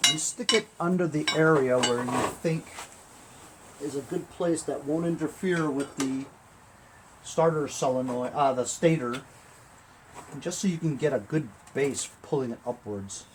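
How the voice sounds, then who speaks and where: A chatty man walks viewers through a lawn tractor repair in a workshop, his pitch rising and falling a lot as he talks. Faint ambient noise hangs behind him. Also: expressive, measured pace. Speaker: small-engine repair vlogger. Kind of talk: casual hands-on repair demonstration.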